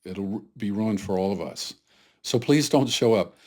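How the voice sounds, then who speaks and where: A man from the US South talks straight to camera in a solo political commentary vlog. His voice sits a bit low, and he speaks in an earnest, conversational way, pleading with his viewers as he makes his case. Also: expressive, moderate pace, a little mellow. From Atlanta, Georgia, US South. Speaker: political commentary channel host.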